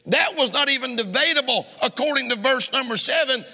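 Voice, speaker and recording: This pastor's voice is high, bright and gravelly, and he moves briskly through his sermon. Impassioned, he keeps throwing rhetorical questions at the congregation while the church sanctuary rings with long hall reverb.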